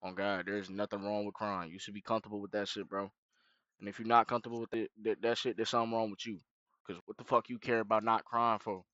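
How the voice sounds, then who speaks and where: A man's voice: on the low side, little pitch movement, fast, fairly bright tone, dry recording, dull audio. A young man streaming a reaction, giving blunt, emphatic, profane commentary and tacking "bro" onto his lines. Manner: emphatic, preachy, repeats "bro" and "gang".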